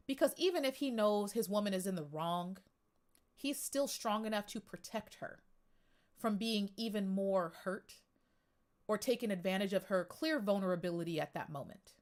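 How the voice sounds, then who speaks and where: A woman's voice: medium pitch, expressive, normal speed, darkish tone. A woman hosting a podcast livestream, talking in a chatty, emphatic way and greeting viewers in the chat. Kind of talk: casual livestream monologue.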